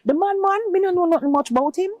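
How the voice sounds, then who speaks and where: A fast-talking woman, recorded dry with a lo-fi quality, shares an emotional personal story as a guest. She acts out what other people said in her own voice, pitching up high whenever she quotes them.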